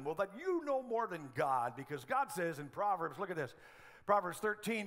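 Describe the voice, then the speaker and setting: A middle-aged man preaching a sermon as pastor of a church, telling humorous stories in an animated way. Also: high-pitched, moderate pace.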